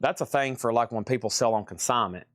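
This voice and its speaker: Tired man, young adult, casual livestream seller, rambling and self-mocking, mid pitch, dry close mic. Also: brisk, fairly bright tone, no echo. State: tired and aching. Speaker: host of a live record sale. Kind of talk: casual livestream selling chat.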